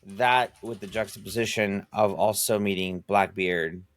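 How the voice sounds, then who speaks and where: Low-voiced man rambling on a podcast, dry sound. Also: fairly even intonation, unhurried, fairly bright tone, no echo. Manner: enthusiastic, rambling, swears freely. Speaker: podcast co-host. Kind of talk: casual chat.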